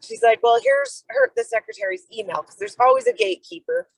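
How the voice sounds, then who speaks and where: Her voice is very high-pitched with vocal fry, and she talks a little fast as she casually recounts a personal story on a video call. This middle-aged program member animates the quoted dialogue and fills her speech with "like." The audio has no echo but is rough.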